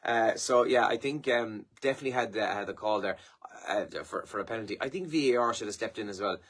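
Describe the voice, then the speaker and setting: A man's voice: fairly low pitch, fast talker, fairly bright tone, a little hiss or hum. An Irish man hosting a live morning show, chatting casually through the papers and sport with lots of fillers, tired and yawning. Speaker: radio host. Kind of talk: casual newspaper review and chat.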